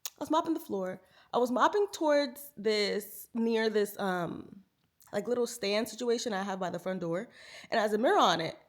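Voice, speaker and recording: A woman's voice: mid-range voice, moderate pace. A woman in her thirties, a lifestyle vlogger telling a story to camera in a casual, chatty way, talking to viewers like friends. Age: 30s. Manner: animated, chatty, talks to viewers as "girl" and "y'all".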